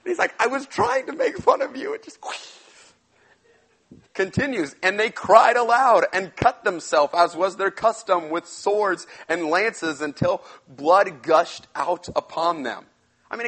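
A young man giving a casual sermon, retelling a Bible story in slangy, animated talk and acting out the characters. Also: sits high, poor audio. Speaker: pastor.

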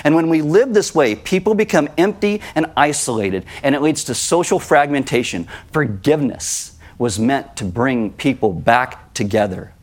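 A man's voice: mid-range voice, moderate pace, hardly any pauses. A man, a pastor, preaching a sermon in a conversational way and acting out quotes as he goes.

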